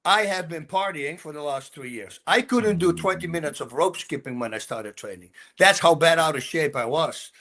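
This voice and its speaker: A man's voice: normal speed, hardly any pauses. A man in his sixties with a Dutch accent, a podcast guest telling stories animatedly, acting out dialogue and throwing in sound words. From Netherlands. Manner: animated storyteller, acts out dialogue, sound words like boom and bonk. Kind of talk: storytelling interview.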